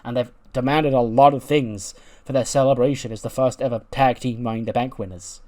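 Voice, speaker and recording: A man's voice: mid-range voice, steady tone, darkish tone, natural voice. A man voicing a flustered woman manager. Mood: stressed. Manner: flustered, rushed. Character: stressed young woman wrestling manager.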